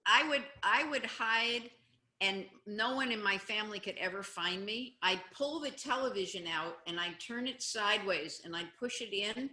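Bright-voiced woman guest, roomy echo. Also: medium pitch, moderate pace. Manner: expressive, warm storytelling with animated emphasis. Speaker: guest, anti-bullying advocate. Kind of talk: casual conversational interview. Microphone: video call. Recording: roomy, echoey room sound.

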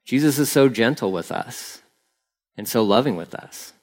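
A male pastor delivers a sermon in a relaxed, conversational way, leaning on "like" as he talks. His voice sits at an ordinary middle pitch. He stays earnest and now and then slips into quick impressions of the people in his story. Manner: casual and earnest, often says "like", voices quoted people.

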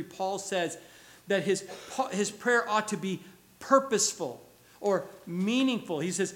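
A man with a high voice preaches a sermon as a pastor. He tells stories in an animated way and chuckles now and then.

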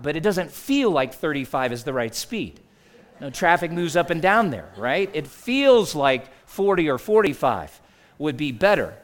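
A man preaching a sermon in a conversational way, rising to loud emphasis and dropping to near-quiet asides. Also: on the high side. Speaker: pastor.

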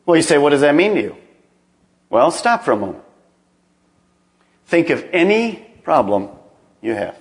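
A middle-aged male pastor preaching a sermon, emphatic and calling on the congregation to repeat phrases after him. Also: high-pitched. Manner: emphatic, calls for congregation responses.

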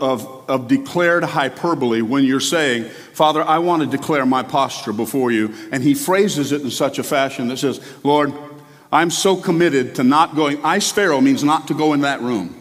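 Impassioned preacher man in a big hall. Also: fairly high pitch. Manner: impassioned, swings from quiet to loud. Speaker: pastor. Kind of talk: sermon.

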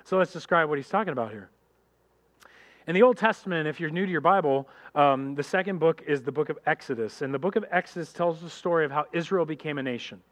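A man preaching a sermon as pastor, animated and addressing the congregation directly, acting out characters in quick voices. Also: fairly high pitch.

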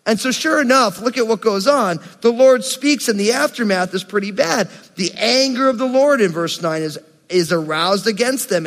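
A man's voice: sits high, big-room sound. A man, a pastor, preaching a sermon in a playful, joking way. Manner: jokey, animated preaching with playful voices for quotes.

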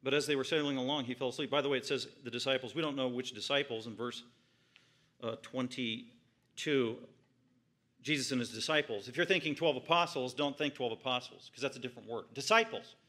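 A man's voice: medium pitch, a little fast, fairly bright tone. A man preaching an expository sermon in church, reading scripture aloud and then explaining it with rising emphasis. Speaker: pastor.

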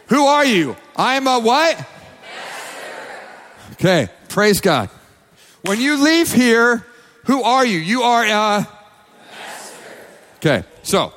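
A pastor delivers his sermon with emphatic repetition. His voice sits high for a man. Long reverb from the church hall trails after every phrase. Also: a bit bright. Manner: emphatic, repeats phrases, quotes people in acted voices.

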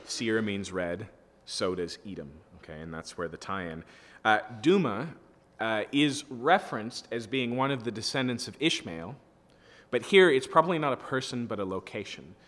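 Male pastor, lowish voice, hall reverb; reads scripture and explains it plainly, keeps asking "okay?". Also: expressive, moderate pace, fairly bright tone. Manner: conversational, often checks in with "okay?" and "right?". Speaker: pastor teaching a Bible study. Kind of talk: expository sermon with scripture reading.

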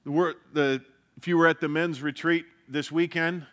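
A man preaching a sermon in an earnest way, dropping to a hush for emphasis and rising when he stresses a point. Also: on the high side, steady tone, normal speed. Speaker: pastor.

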